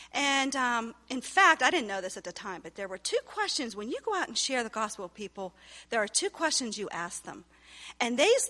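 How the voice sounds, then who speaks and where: A woman's voice: sits high, bright, forceful tone, in a large hall. A woman telling her personal faith testimony as a story, acting out the dialogue she quotes. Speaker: testimony speaker.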